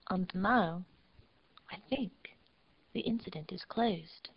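A woman narrating a storybook in a measured, steady reading voice. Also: lowish voice, husky, muffled recording.

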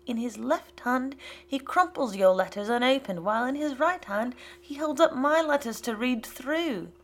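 A woman voicing a bitter, domineering old father who mocks and rants in loud outbursts. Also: sits high, expressive, normal speed, voice pushed up. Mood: mocking. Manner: mocking and ranting, loud outbursts.

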